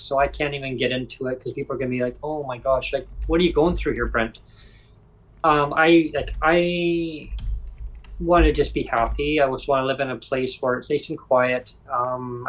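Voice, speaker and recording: A man from Canada hosting a podcast, telling a story casually and acting out the voices he quotes. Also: medium pitch. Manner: animated, acts out quoted voices. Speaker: podcast host. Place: home.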